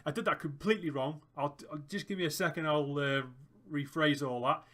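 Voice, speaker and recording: Brief: young male gamer, bright and forceful voice, excitable running commentary. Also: a little high, fairly quick. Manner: excitable, groans and cheers at the match. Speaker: gaming YouTuber. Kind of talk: let's play commentary.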